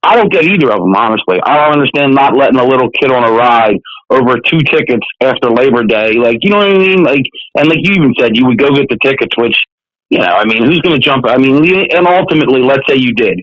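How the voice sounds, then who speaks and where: A man's voice: medium pitch, expressive, fast, no room sound, highs cut off. A man co-hosting a casual talk show, chatty and agreeing with the host. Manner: chatty, backs up the host with fillers. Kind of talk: casual conversation.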